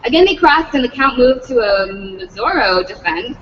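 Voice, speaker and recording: A woman's voice: fairly high pitch, expressive, normal speed, fairly bright tone, big-room sound, distant mic, lo-fi sound, slight background noise. A woman reading a novel aloud at a public read-in, slipping profanity into the text. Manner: adds profanity, breaks off laughing.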